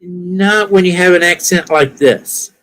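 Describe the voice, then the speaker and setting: Older man, Southern-Californian mixed accent, slow rambling chatter, easygoing. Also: high-pitched, a bit bright. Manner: rambling, self-correcting, easygoing. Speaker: viewer chatting on a live stream. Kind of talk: casual chat.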